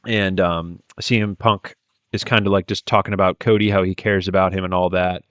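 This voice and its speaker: A man's voice: sits low, level tone, moderate pace, a bit bright, no echo, highs cut off. A man giving a casual, rambling wrestling review, retelling with many fillers and plenty of enthusiasm.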